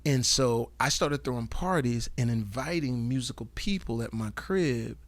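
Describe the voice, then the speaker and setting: A man guest telling animated, profane stories in a casual interview, acting out the dialogue. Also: mid-range voice, normal speed, dry recording. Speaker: guest, comedian and actor.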